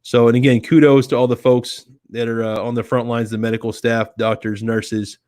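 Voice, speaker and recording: A chatty man hosting a casual live stream from his home setup, speaking into a desk mic on a stand. His voice sits at a middle pitch and he rambles loosely with filler words, his tone relaxed and friendly. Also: moderate pace, no room sound, studio quality. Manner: rambling, chatty, talks to his cat in a soft baby voice. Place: home studio with softbox light. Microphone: desk microphone on a stand.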